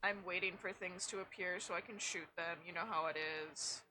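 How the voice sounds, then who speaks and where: A woman's voice: lowish voice, steady tone, brisk, bright, forceful tone, slight background noise. A young woman streaming a game, chatting casually, swearing freely and poking fun at herself. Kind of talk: casual gameplay chat.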